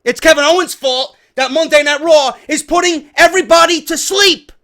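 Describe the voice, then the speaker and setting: High-voiced man ranting profanely. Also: normal speed, a bit bright. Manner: profane, sarcastic, heated ranting. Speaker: wrestling news commentator. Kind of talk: ranting news commentary.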